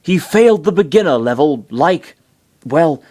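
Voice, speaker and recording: A man's voice: fairly high pitch, expressive, a little slow, mellow, pitched above the performer's own voice. A man doing a cheery boastful doctor in a console. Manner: upbeat, boastful, taunting. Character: cheerful male doctor living inside a handheld game console.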